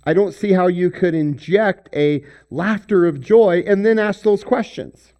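A man preaching a sermon, swinging between loud emphasis and hushed near-whispers. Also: high-pitched, a little slow, highs cut off. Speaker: pastor.

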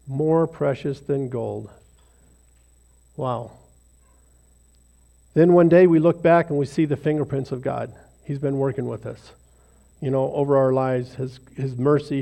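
A man with a mid-range, dark-toned voice leads an informal devotional talk for a small group. He's a lay speaker, and his delivery rambles along in a conversational, self-deprecating way.

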